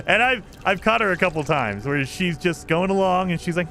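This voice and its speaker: A man's voice: high voice, lively intonation, normal speed, sharp tone, soft background music. A man streaming a game live, chatting with his viewers and laughing often as he plays. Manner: chatty, laughs often, talks to chat while playing. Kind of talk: casual live-stream chat.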